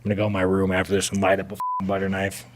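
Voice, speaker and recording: A man's voice: low voice, monotone, very fast, slight background noise. A man chatting bluntly on a podcast, swearing often and laughing a lot. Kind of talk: casual podcast chat.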